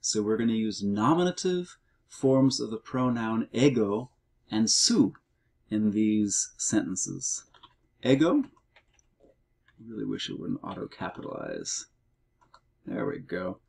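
A middle-aged male teacher takes a homework walkthrough at an unhurried pace. His fairly low voice has a gravelly, creaky edge, and he explains carefully, with the odd filler. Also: expressive, a little mellow. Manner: slow, measured explaining with fillers. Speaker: Greek teacher. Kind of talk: recorded homework walkthrough lesson.

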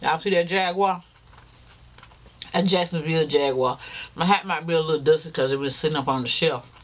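A man's voice: a little high, fairly quick, a bit bright. A tired man, chatting casually to viewers while eating in a mukbang vlog. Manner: chatty, talks straight to viewers as y'all, chewing between lines. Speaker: mukbang vlogger.

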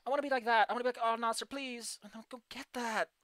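A woman streamer giving a casual, frustrated, ranting critique of a game, with animated outbursts. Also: a little high, rapid-fire, no echo, clean studio sound. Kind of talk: casual livestream commentary.

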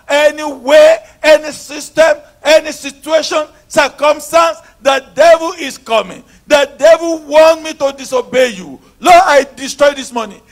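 A man preaching a sermon who moves between hushed talk and shouted, repetitive prayer declarations. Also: very high voice.

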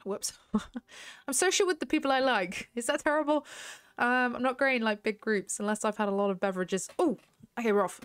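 A woman's voice: on the high side, fairly quick, smooth. A young English woman from the UK chatting and rambling while she plays a horse racing game, laughing at herself. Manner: chatty, rambling, self-mocking. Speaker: gaming YouTuber. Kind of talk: casual gameplay commentary.

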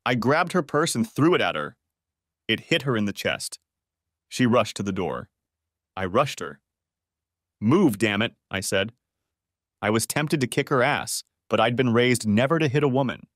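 Expressive male audiobook story narrator. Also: medium pitch, normal speed, dry recording, studio quality. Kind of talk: first-person story narration.

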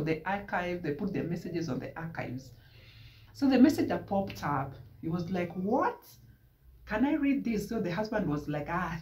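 Animated Kenyan man, roomy distant sound. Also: a little high. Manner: animated retelling with Swahili asides. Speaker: vlogger. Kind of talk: casual storytelling vlog. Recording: echoey room from a distance.

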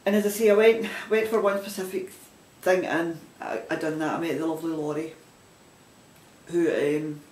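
A man's voice: fairly high pitch, fairly even intonation, moderate pace, a little mellow. A man with a broad Glaswegian accent who hosts a knitting podcast, rambling chattily and restarting his sentences in a casual vlog. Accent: Glaswegian Scottish. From Scotland. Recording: roomy echo.

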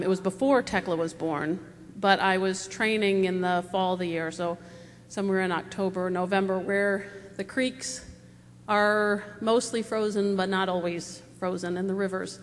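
A woman in her forties from the United States, speaking as a panelist at a live forum, telling stories in a rambling, conversational way full of fillers. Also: mid-range voice. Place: large auditorium stage. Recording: long hall reverb, faint noise.

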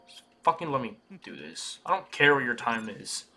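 Young male gamer, lively and bright-toned, slow swearing rants, faint game music under him. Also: lowish voice, a little hiss or hum. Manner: swearing, exasperated ranting at the game. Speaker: gaming YouTuber. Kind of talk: casual let's-play commentary.

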